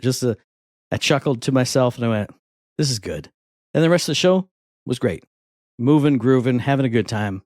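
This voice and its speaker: A man in his thirties co-hosting a podcast, chatting casually and telling rambling, animated stories. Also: medium pitch, dry recording, clean studio sound. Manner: rambling, animated storytelling with voiced asides. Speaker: podcast co-host. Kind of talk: casual chat.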